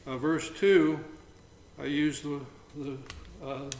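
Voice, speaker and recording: A man leading an informal Bible study, reading scripture aloud between halting comments. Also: fairly high pitch, little pitch movement, darkish tone. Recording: roomy echo, faint background noise.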